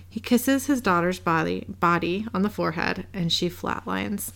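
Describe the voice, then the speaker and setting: Gravelly-voiced woman recapping a show. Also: on the low side, normal speed, few pauses, a bit bright. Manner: chatty, matter-of-fact narrating. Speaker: podcast co-host recapping an episode. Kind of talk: casual recap narration.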